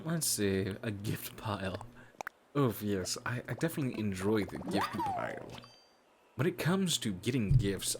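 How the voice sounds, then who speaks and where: Woman streamer in her twenties, deep voice, slow and swingy, swears and giggles, game music under. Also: noisy background. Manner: profane, giggly, rambling commentary. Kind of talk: casual gameplay chat.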